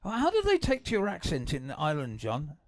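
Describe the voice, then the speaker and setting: An older English man hosting a livestream, chatting in a rambling, excitable way with many restarts between songs. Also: fairly high pitch, brisk, no echo. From England. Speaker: livestream host and guitarist. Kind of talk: casual chat between songs. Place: home livestream. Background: acoustic guitar.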